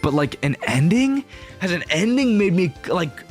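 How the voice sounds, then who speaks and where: A young man gushing through let's-play commentary, casual and excited, with slang and swearing. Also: high voice, moderate pace, faint music behind. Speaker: gaming streamer.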